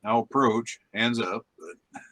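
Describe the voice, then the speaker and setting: Laid-back, lower-voiced man playing a tabletop game. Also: slow pace, sharp tone, no room sound. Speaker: player.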